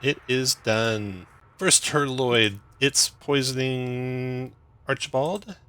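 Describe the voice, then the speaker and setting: A young man acting as dungeon master, calling out rolls and rules briskly with the odd chuckle. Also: medium pitch, bright, forceful tone, smooth. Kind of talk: running a tabletop game.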